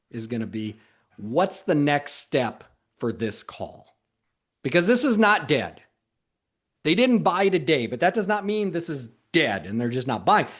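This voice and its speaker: A male sales coach talks straight to his audience in an emphatic, direct way. His voice sits a bit high, and his pitch swings widely as he drives his points home. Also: slightly rough. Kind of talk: motivational talk to camera.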